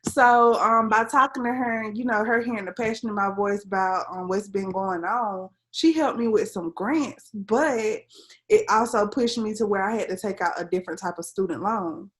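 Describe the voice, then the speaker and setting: Young woman guest in a chill interview, earnest, lots of ums and likes, middle pitch. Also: moderate pace, a bit bright. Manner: earnest storytelling with frequent "um" and "like". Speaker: interview guest, civil engineer. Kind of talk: casual conversational interview.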